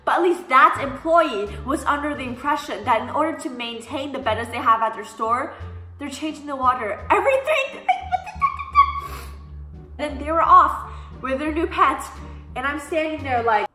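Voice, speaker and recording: A young woman chats through a storytime vlog in a sassy, animated way, slipping into voices for the people she talks about. Her voice is bright and sits a little high. The sound is roomy with a faint music bed. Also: moderate pace. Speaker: vlogger. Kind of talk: casual storytime chat. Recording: echoey room, faint background music.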